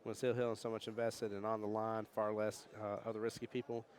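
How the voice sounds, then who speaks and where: A man giving jokey, animated live commentary on a pool tournament and reading chat comments aloud. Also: fairly low pitch, fairly quick. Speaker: pool match commentator and streamer. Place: pool hall during a tournament.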